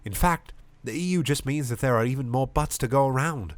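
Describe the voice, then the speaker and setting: A man voicing an earnest, lovestruck male pound coin with an Irish accent, in a high sing-song voice. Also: brisk, dry recording, close to an everyday voice. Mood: rousing.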